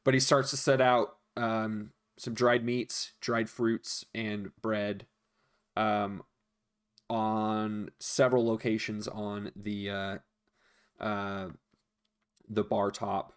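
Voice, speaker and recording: A man's voice: on the low side, level tone, slow pace, clear, resonant tone. Rambling man as game master. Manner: rambling, chatty, full of fillers. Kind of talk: narrating a tabletop game.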